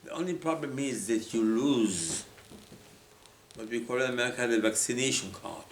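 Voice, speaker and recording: A man's voice: medium pitch, moderate pace, slight background noise. Emphatic man preaching in an echoey room. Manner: emphatic, repetitive, acts out quoted voices. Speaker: rabbi. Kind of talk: sermon. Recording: echoey room with faint ambience.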